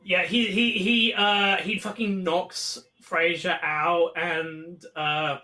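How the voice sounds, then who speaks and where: High bright-voiced guy cohosting, swears a lot, laughs constantly. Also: flat delivery, slow pace. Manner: laughs often, swears freely. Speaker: podcast co-host. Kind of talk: casual chat.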